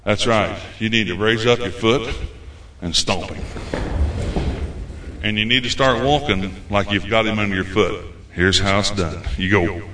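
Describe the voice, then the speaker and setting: A man preaching a folksy, animated sermon as a visiting preacher. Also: on the low side, unhurried, noisy background. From United States. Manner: folksy, animated, acts out quoted voices. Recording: echoey room.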